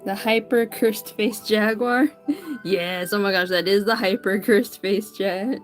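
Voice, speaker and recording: A woman's voice: mid-range voice, unhurried, soft background music. A woman chatting casually with viewers while drawing on a livestream, greeting people by name and often stumbling and correcting herself. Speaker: livestreaming artist.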